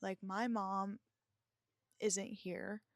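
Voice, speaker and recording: A woman's voice: medium pitch, flat delivery, very slow, no room sound, studio quality. A woman hosting a podcast, telling her own story in a reflective, confessional way with many filler words. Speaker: podcast host. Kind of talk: candid personal storytelling.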